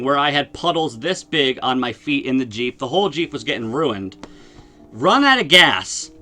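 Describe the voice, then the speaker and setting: A man's voice: medium pitch, sharp tone. A young man livestreaming, ranting casually and bluntly and swearing constantly. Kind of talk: casual profane rant. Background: music playing.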